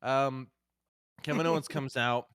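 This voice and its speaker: A man co-hosting a casual wrestling podcast, speaking at a middle pitch. He is excitable and swears freely, jumping from loud bursts to low asides. The recording is dry and close, with no room sound. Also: measured pace, clear, resonant tone, no echo. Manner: excitable, profane, swings loud and soft. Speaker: podcast co-host.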